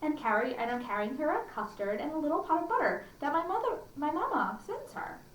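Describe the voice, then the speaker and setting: A woman's voice: sits high, big pitch swings, fairly quick, voice pushed up. A woman voicing a cheerful, innocent little country girl in a read-aloud storybook, recorded with roomy echo from a distance. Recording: roomy echo, distant mic, faint hum.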